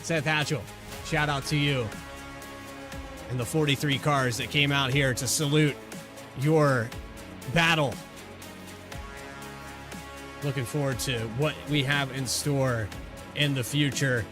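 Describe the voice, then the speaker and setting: A man's voice: mid-range voice, fairly even intonation, a little slow, long pauses. A man signing off a sim racing broadcast, speaking in a heartfelt, folksy announcer manner. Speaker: broadcast commentator. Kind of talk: race broadcast sign-off. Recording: music playing behind the voice.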